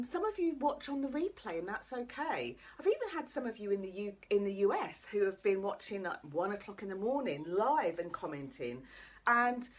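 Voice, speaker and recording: A woman, a life coach, chatting cheekily and directly to viewers live on camera. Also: mid-range voice. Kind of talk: live motivational talk to viewers.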